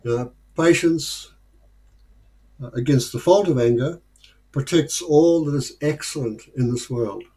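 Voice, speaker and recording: Man, group leader, mellow and slightly high voice, thoughtful, pausing often. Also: poor audio. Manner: thoughtful, unhurried, with frequent pauses and fillers. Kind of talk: casual study group discussion.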